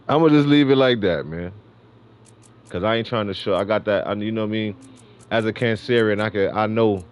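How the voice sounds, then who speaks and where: A middle-aged man from New York City hosting a gaming livestream, rambling in slangy casual chat and laughing often. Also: lowish voice. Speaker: livestream host.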